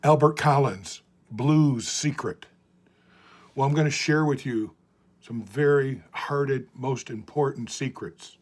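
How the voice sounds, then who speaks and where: Older male blues guitar teacher; earnest, heartfelt storyteller who drops soft at phrase ends. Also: medium pitch, takes it slowly. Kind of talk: talking guitar lesson to camera.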